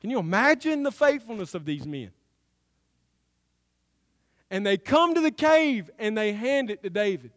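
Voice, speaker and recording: A man preaching a sermon as pastor, emphatic and building to loud climaxes. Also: high voice, very animated, moderate pace, long pauses, in a large hall. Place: church sanctuary.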